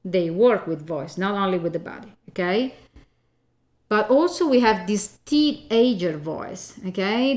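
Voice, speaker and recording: A woman voice coach talks slowly and deliberately, leaning hard on her points and repeating them. She keeps checking in with a quick "okay?" as she teaches, her pitch sitting in a middle range for a woman. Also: expressive. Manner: emphatic, often tags "okay?" and repeats key points. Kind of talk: spoken voice lesson.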